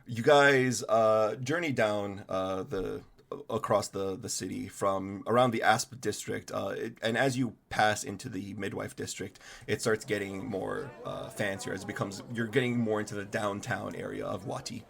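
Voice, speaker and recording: Gravelly-voiced man narrating as game master. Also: on the low side, fairly even intonation, normal speed, fairly bright tone. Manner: meandering, many fillers.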